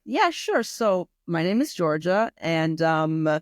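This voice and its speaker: A woman's voice: on the low side, sing-song, slow, dry recording, clean studio sound. A woman from New York City with a New York accent, a guest and English teacher chatting casually and joking now and then. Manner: playful, joking. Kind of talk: casual chat. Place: home in Rome. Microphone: video call.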